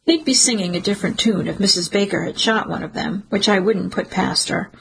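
A woman narrating a first-person suspense story in a steady, measured storytelling manner. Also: mid-range voice, gravelly, a little hiss or hum, low-quality recording. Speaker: audiobook narrator.

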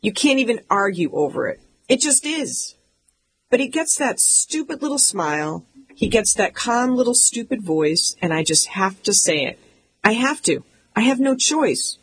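A woman's voice: fairly high pitch, big pitch swings, measured pace, a little hiss or hum, rough recording. A woman reading a comic memoir aloud in an emphatic, mock-indignant way. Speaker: audiobook narrator. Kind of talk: scripted comic memoir narration.

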